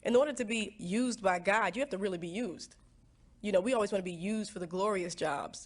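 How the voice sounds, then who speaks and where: A woman speaking reflectively in an interview clip, often halting and repeating words. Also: mid-range voice. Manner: halting, repeats words, lively when quoting herself. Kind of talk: reflective personal talk.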